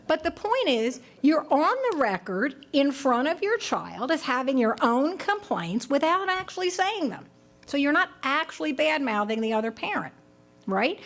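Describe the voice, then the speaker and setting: A woman speaking at a conference and answering audience questions, who gives direct advice, asks "right?" often, and acts out example lines of dialogue in a livelier voice. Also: a little high. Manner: direct, advising tone with frequent "right?".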